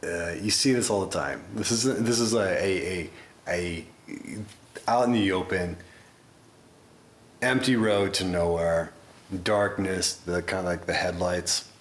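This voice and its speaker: A man hosting a music reaction video, talking in a rambling, excitable way with mock-scared asides. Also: low-pitched, a little slow. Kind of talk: casual reaction commentary. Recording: echoey room with faint noise.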